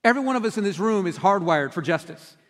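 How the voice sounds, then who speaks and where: A middle-aged pastor giving a conversational sermon, telling stories and acting out quoted outbursts. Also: male voice, sits high, lively intonation, fast. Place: church sanctuary. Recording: long hall reverb.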